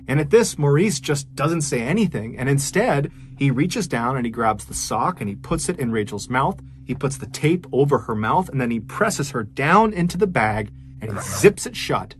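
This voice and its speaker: A man's voice: mid-range voice, very animated, moderate pace. A man narrating a true crime story in a conversational way with casual asides. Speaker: podcast narrator.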